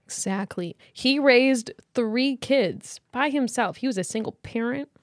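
Animated young woman telling a story. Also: a little high, a little slow. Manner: animated storyteller, swearing, laughing. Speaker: podcast co-host. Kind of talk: casual chat.

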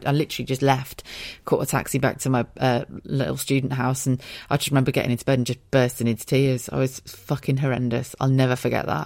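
A woman's voice: extremely low pitch, gravelly, a little mellow. A woman with an English accent, a podcast host telling a candid personal story in a giddy, sweary, self-mocking way.

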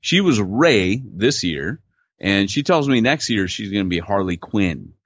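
A lively man with a lowish voice that swings up and down as he tells stories. He co-hosts a podcast in casual chat and leans on laid-back slang. The audio is dull and lo-fi, very dry. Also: unhurried, husky, dry recording. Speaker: podcast co-host.

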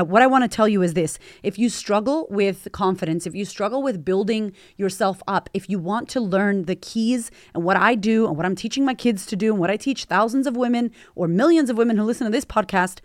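A woman in her forties, a podcast host, delivers a motivational monologue in a blunt, emphatic way, swearing freely. Her voice sits at a middle pitch. It is recorded close in a dry room with no reverb. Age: 40s.

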